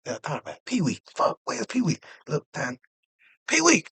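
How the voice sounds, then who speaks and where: A young man casually telling a long, animated story, jumping up in pitch whenever he acts out other people's lines. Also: fast, vocal fry, slightly rough, dry recording. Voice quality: animated, acts out quoted voices with jumps in pitch. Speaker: podcast host.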